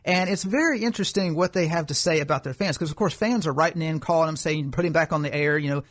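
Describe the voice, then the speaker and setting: A man's voice: a little high, fast. A man co-hosting a political commentary podcast, explaining his views at length in an argumentative way. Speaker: podcast co-host.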